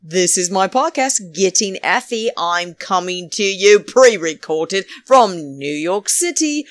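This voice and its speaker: A chatty, theatrical woman rambles through her podcast from home, her voice swooping up and down. She talks slowly and lingers on her words. The sound is close and dry. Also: fairly low pitch, dry recording. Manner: chatty and theatrical, keeps calling listeners darlings. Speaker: podcast host. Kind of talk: casual rambling podcast monologue. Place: home, New York.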